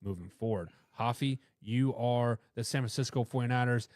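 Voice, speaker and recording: A man's voice: medium pitch, normal speed, a little mellow, dry recording, clean studio sound. A man with a Boston accent hosting a casual sports talk show, joking and stumbling over words as he sets up each game. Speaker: show host.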